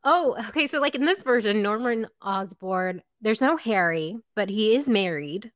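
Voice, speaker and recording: Woman host on a podcast, middle pitch, dry close sound, just reads off what she found. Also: animated, normal speed, no room sound. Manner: matter-of-fact, relaying facts she looked up. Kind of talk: casual podcast chat.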